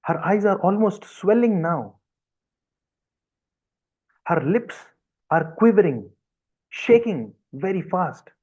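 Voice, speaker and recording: A man's voice: high voice, animated, slow pace, pauses often, darkish tone, slightly rough, lo-fi sound. A man retelling a devotional story in an earnest, vivid, repetitive way over a video call.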